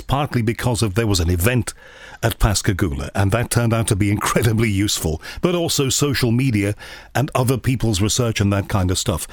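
Male talk-show host, mid-pitched, dry close sound, rambling lead-ins to his questions. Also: no echo. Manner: long, winding questions. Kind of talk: interview conversation.

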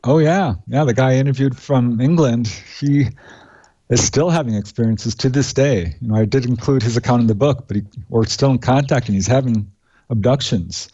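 A man with a warm, darkish voice explains the cases he researched as an interview guest. He speaks plainly and matter-of-factly, often pausing on "uh". The recording is dull and lo-fi. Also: medium pitch. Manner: recounts cases in a steady matter-of-fact way, with frequent "uh" fillers. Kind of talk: conversational interview.

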